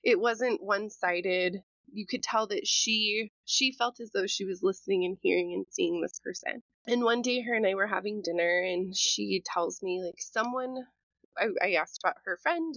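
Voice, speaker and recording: A woman's voice: mid-range voice, normal speed, fairly bright tone, dry recording. A woman co-hosting a podcast, speaking sincerely and setting up a story with some background first. Her voice is recorded dry, close and a little muffled. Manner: earnest, explains ideas before telling her story. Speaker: podcast co-host. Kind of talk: casual storytelling chat.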